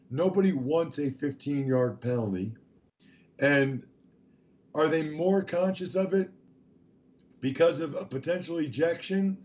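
A man co-hosting a sports talk show, his voice raspy and hoarse, rambling and restarting as he talks. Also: medium pitch, a little mellow, highs cut off. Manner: rambling, self-interrupting.

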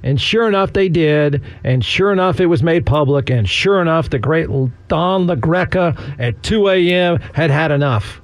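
A man's voice: fairly high pitch, normal speed, few pauses, dry recording. A man hosting a sports talk radio show, chatting casually in a sarcastic, rambling way with frequent chuckles.

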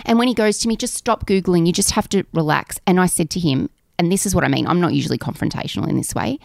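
A woman in her forties, co-hosting a podcast, telling animated stories in casual chat and swearing freely. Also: on the low side, fast, vocal fry, no room sound, studio quality. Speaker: podcast co-host.

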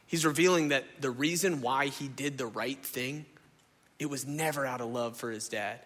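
A pastor preaching a sermon into a stage microphone in a church hall, impassioned and conversational, often asking the crowd questions. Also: male voice, mid-range voice, steady tone, a little slow, a bit bright.

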